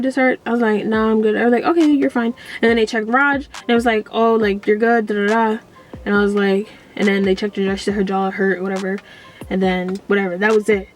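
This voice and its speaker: Young woman, storytime vlog, rambling, lots of fillers, fairly high voice, faint music behind. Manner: rambling, animated, many fillers. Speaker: vlogger.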